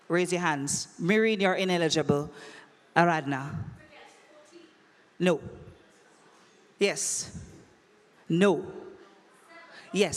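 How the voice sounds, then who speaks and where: A woman emceeing a conference, running a brisk, playful audience quiz and teasing the crowd over a handheld microphone. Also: fairly low pitch, lively intonation. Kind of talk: lively audience quiz hosting. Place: large conference hall. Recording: long hall reverb.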